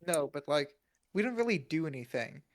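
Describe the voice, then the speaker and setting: A young podcast co-host with a Midwestern American accent jokes through a casual chat, laughing often and reading aloud from searches. His voice is a little high and sing-song at a moderate pace, with slight background noise.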